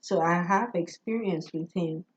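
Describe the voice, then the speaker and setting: A woman's voice: on the low side, measured pace. A woman vlogger telling a personal story in a casual monologue. She stammers, restarts her words and keeps asking whether the listener gets what she is saying. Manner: keeps asking "you get what I'm saying?", often laughs. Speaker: astrology vlogger. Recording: slightly muffled lo-fi audio.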